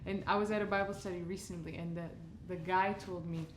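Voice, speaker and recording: Brief: woman from portugal, relaxed talk, echoey kitchen with faint sizzle. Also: on the low side, fairly quick, slight background noise. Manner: relaxed, reflective, laughs often. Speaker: guest singer. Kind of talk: casual chat while cooking. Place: home kitchen.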